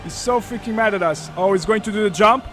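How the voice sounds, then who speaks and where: Very high-voiced man streaming a game. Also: fast, faint music behind. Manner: thinks aloud with many fillers, bursts into loud excited shouts. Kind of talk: live gameplay commentary.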